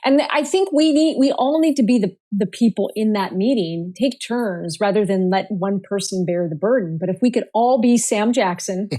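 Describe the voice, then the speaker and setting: A woman's voice: mid-range voice, moderate pace, hardly any pauses, mellow. A woman guest in a casual interview, talking in a playful, upbeat way and coining jokey words. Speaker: guest, communication speaker. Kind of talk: lively casual interview chat.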